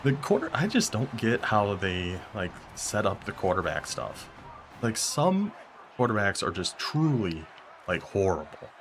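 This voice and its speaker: Gaming YouTuber, male, lower voice, running self-commentary over gameplay with a faint hiss of noise. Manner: talks to himself while playing, quick bursts of excitement and frustration.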